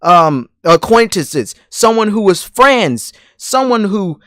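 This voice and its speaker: A man's voice: sits high, big pitch swings, slow pace, hardly any pauses, fairly bright tone, no echo, studio quality. A man delivering a heated, profane call-out rant straight at someone, hammering the same points over and over. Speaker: commentary channel host.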